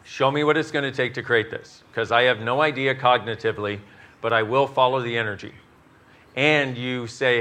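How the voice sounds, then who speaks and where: A man's voice: mid-range voice, steady tone, moderate pace, pushed and bright. A man leading a live class, talking animatedly, acting out inner voices, swearing and laughing at his own jokes. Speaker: workshop facilitator. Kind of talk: live workshop talk. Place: class in front of an audience.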